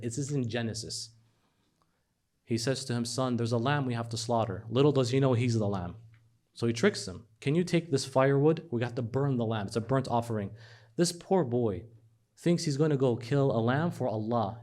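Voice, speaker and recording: A man preaching a lively sermon, retelling stories with acted dialogue and swinging from hushed lows to animated highs. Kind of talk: religious sermon.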